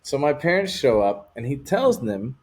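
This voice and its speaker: A man's voice: mid-range voice, very animated, moderate pace, a little mellow, husky. A man talking as an interview guest, telling a personal story in a candid, rambling way with lots of casual fillers.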